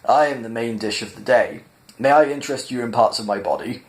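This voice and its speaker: A man's voice: mid-range voice, animated, lightly acted. A man voicing a polite talking cow. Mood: courteous. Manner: courteous, unhurried waiter manner. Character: fat, polite talking cow offering itself as dinner.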